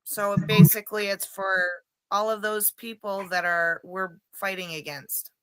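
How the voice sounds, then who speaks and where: Woman, casual chat, blunt, opinionated, slow, smooth clear voice. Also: medium pitch, flat delivery, a bit bright, poor audio.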